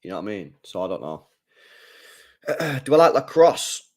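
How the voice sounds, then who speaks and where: A man's voice: lowish voice, big pitch swings, moderate pace. A man chatting casually as a football watchalong streamer, rambling and repeating his phrases for emphasis. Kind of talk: casual live-stream chat.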